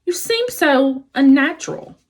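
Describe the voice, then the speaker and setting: A woman's voice: sits high, lively intonation, measured pace, pitched above the performer's own voice. A woman voicing an alarmed male owl in a read-aloud storybook, speaking urgently to a crowd.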